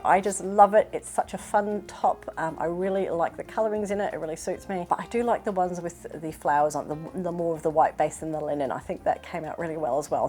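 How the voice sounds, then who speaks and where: A middle-aged Australian woman whose accent has a slight British tinge chats casually to camera as a sewing vlogger. Her voice is on the low side and a little mellow, and she's self-deprecating and quick to laugh.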